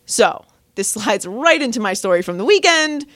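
A woman co-hosts a sports podcast in casual chat. Her high voice swings widely in pitch as she tells her story. The sound is dry and close to the mic. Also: moderate pace, no room sound. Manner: animated storyteller, loud exclamations. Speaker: podcast co-host.

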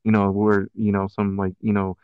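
A man's voice: on the low side, monotone, moderate pace, clean tone, dry recording, narrow, tinny audio. A man with a country twang mixed with city slang, chatting casually as a podcast co-host and rambling through many fillers and restarts. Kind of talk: casual chat.

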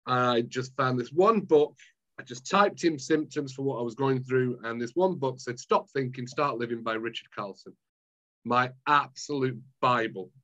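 A man's voice: medium pitch, highs cut off. A Scottish man, a mind management coach, chatting as a guest and acting out scenes from his own story. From Scotland. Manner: animated storyteller acting out his past self. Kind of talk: casual chat.

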